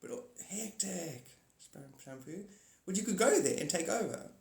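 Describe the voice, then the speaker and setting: A man hosting a casual livestream rambles through spiritual musings, laughing often. His voice sits somewhat high and sounds echoey, as if in a bare room. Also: animated, normal speed, gravelly, darkish tone. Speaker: livestream host.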